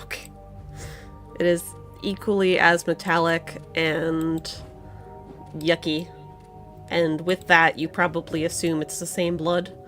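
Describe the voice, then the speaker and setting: A woman narrating as game master in a relaxed, unhurried way. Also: lowish voice, faint music behind.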